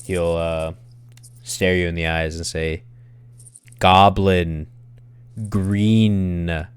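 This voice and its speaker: A man's voice: deep voice, completely flat delivery, a little slow, clear, resonant tone, no echo. A man narrating as game master of an online tabletop game, with dry, teasing banter. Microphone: streaming microphone.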